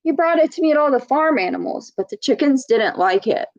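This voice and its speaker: A woman's voice: sits high, animated, fairly quick, a little mellow, highs cut off, voice pushed up. A woman voicing a little girl who explains a farm mishap in a storybook reading. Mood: explaining.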